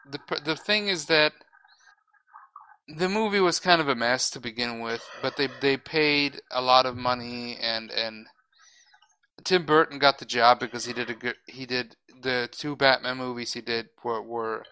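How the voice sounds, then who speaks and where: Male podcast host, crisp bright tone, opinionated rambling chat with frequent restarts. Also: medium pitch, steady tone, unhurried, rough recording. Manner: swears casually. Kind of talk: casual chat.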